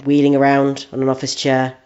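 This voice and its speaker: A man's voice: mid-range voice, completely flat delivery, a little fast, darkish tone. A man co-hosting a comedy podcast, carrying on a silly story in a dry, hesitant way. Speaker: podcast co-host. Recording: dull lo-fi audio with faint noise.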